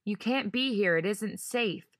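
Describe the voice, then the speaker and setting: A woman's voice: medium pitch, a little slow, a bit bright, dry recording, clean studio sound, voice pushed up, natural voice. A woman voicing a skinny young redheaded male orderly in an audiobook, urgent and curt.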